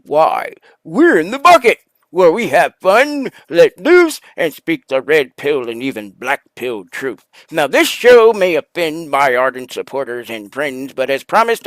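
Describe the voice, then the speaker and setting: A rowdy host kicks off a podcast with crude jokes, whoops and rambling shout-outs. The voice is bright and swoops up and down, and it takes its time over every word. The sound is close and dry. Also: mid-range voice, big pitch swings, a little slow, dry recording. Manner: exuberant, shouting, crude and joking. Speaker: show host. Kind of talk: loud rambling podcast intro.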